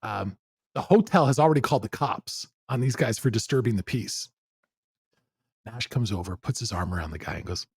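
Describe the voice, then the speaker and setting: The recording is dry and studio quality, carrying a middle-aged podcast host whose voice sits lowish and slightly rough as he talks a little fast. He tells his story casually and animatedly, cursing and laughing while he goes.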